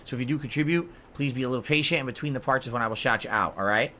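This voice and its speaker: A man hosts his live stream and rambles through his reactions to videos. His bright voice has a faint hiss of noise behind it. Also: medium pitch, rapid-fire. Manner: rambling, puzzled commentary. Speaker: streamer host.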